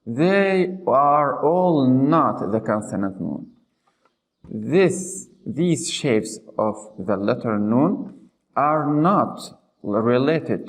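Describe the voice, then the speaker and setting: A man teaching how to pronounce letters, speaking slowly and deliberately, repeating example words and checking in with "okay?". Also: medium pitch, rough recording. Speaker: Quran recitation teacher. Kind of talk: slow explanatory lesson.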